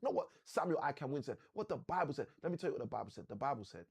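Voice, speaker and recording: A man hosting a live motivational session, telling a story like a preacher with slow, dramatic emphasis. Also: mid-range voice, expressive, slightly rough.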